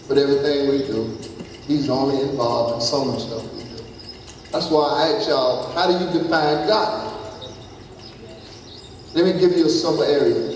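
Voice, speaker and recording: Pastor guy preaching loud then quiet, highish voice, big echoey hall, mic far off. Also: slight background noise. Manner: preaching with questions to the congregation, shifting from shouts to low asides. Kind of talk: sermon.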